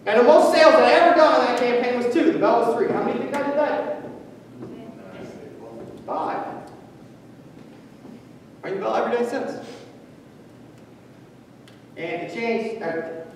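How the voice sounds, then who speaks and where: A man giving a profane, impassioned motivational speech, swinging from loud to hushed. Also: extremely high pitch, expressive, normal speed, long pauses, slight background noise. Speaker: motivational speaker. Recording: echoey hall, voice from far off.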